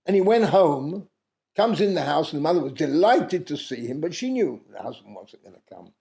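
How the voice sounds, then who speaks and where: A man telling a traditional tale aloud in an unhurried way, pausing often and stopping now and then to correct himself. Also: on the high side, big pitch swings, creaky, mellow. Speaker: storyteller. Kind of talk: oral storytelling of a traditional tale.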